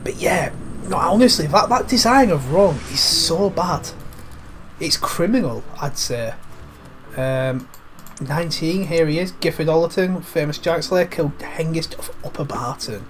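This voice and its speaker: A man with a bit of a cold gives cheeky, rambling commentary over a game. His pitch swings a lot as he talks. A faint hum sits underneath. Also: expressive, a little slow. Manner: cheeky, rambling, swears lightly. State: has a cold. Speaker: gaming commentator. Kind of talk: casual let's-play commentary.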